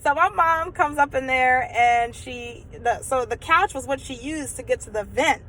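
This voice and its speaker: A young woman telling a personal story on her vlog in a chatty, animated way, full of fillers. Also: high voice, measured pace, slight background noise, low-quality recording. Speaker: vlogger.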